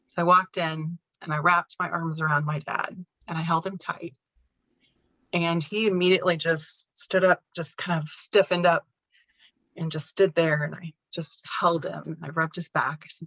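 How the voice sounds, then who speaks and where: A woman telling a personal caregiving story in an interview, speaking earnestly and gently. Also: lowish voice, flat delivery, normal speed, no echo, highs cut off. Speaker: podcast guest, caregiving author.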